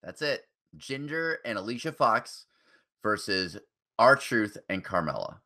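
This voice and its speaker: A man's voice: lowish voice, big pitch swings, takes it slowly, pushed and bright. A man co-hosting a casual podcast chat, sarcastic and swearing freely. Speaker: podcast co-host.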